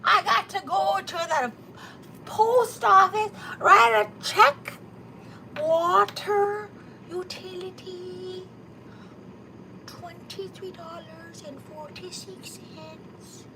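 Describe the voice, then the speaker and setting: A woman putting on a fussy older mother fretting over bills, loud and drawn-out. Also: very high voice, creaky, noisy background, voice pushed up, full character voice. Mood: fretful.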